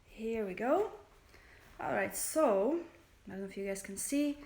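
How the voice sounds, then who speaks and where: A woman with a Russian accent chats on a livestream in a soft, earnest way, her voice sitting a little high. She talks into her phone camera, and the home kitchen around her gives the sound a roomy echo. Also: animated, unhurried, vocal fry. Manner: soft-spoken, earnest and chatty. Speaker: livestream host. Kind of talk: casual livestream chat.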